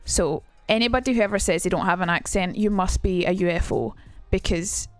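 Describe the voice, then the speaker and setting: A woman's voice: lowish voice, a little fast, no room sound, soft background music. A young Scottish woman teaching on a casual livestream, chatty and blunt, swearing freely. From Scotland. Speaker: streamer.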